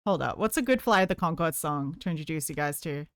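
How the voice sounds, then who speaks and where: Woman streamer in casual live chat, playful and talkative; crisp, very animated delivery. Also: sits low, quick pace, dry recording, clean studio sound. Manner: chatty and playful, reads chat aloud.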